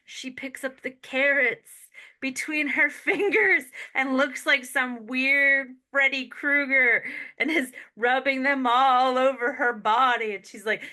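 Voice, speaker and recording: A woman co-hosting a podcast, casually recapping a sitcom episode in an animated way and laughing often as she retells scenes. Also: sits high, unhurried. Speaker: podcast co-host.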